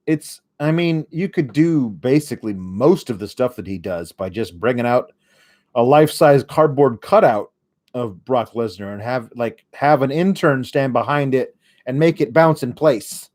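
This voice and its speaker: A man's voice: mid-range voice, lively intonation, unhurried, darkish tone. A man hosting a casual solo recap show, rambling and sarcastic, with frequent fillers and swearing when annoyed. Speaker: host.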